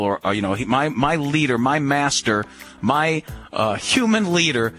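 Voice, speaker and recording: A man's voice: fairly high pitch, sing-song, normal speed, pushed and bright, no echo, soft background music. A man hosting a call-in radio show, giving firm, emphatic dog-training advice. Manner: firm, coaching, emphatic repetition.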